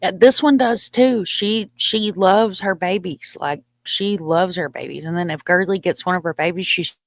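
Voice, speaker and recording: A woman's voice: lowish voice, moderate pace, no room sound. A woman hosting a livestream, chatting casually and laughing often. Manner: chatty, laughs often, baby-talks her dogs. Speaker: livestream host. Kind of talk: casual chat.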